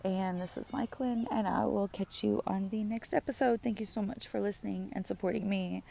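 A woman hosting her own podcast, talking anxiously and haltingly with many pauses and fillers, her throat tight with stress, recorded outdoors. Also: mid-range voice, fairly even intonation, vocal fry, dark tone. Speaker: podcast host. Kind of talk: personal podcast monologue. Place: outdoors in the sun.

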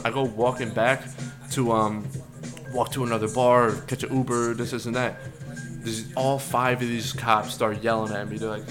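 A man co-hosting a casual podcast, telling a story in a profane, animated way. His voice sits at an ordinary pitch. Music plays clearly behind him. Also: a little fast. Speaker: podcast co-host.

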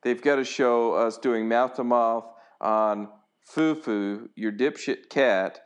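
A man's voice: medium pitch, slow pace, clear, resonant tone. A man co-hosting a talk show, ranting bluntly and mocking people with crude language. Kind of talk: profane rant on a talk show.

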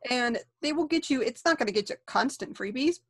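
A woman's voice: high-pitched, lively intonation, a little fast, breathy edge. A woman who works at a movie theater, talking bluntly in a casual chat. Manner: blunt, exasperated about customers.

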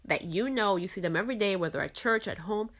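A woman's voice: medium pitch, quick pace, fairly bright tone. Earnest woman host from the islands. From Caribbean islands. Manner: earnest, reflective, frequent "you know". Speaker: podcast host. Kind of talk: faith-based podcast talk.

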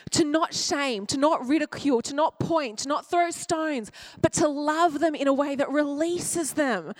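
A woman's voice: high voice, a little slow, no echo. A woman pastor preaching a sermon with emotion, acting out quoted voices and dropping to a near-whisper at tender moments.

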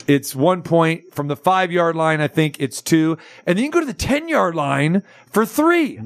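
A man's voice: high voice, dry recording, clean studio sound. A man hosting a sports radio show, ranting with sarcastic asides. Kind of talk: casual sports talk radio rant.

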